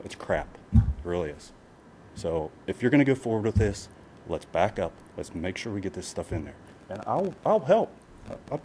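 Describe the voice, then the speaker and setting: A man's voice: lowish voice, warm tone, slight background noise. A man speaking as a property owner at a county planning meeting, emotional and pleading, repeating himself with many filler phrases. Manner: emotional, pleading, repetitive with many "you know"s. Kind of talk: public comment at a county meeting.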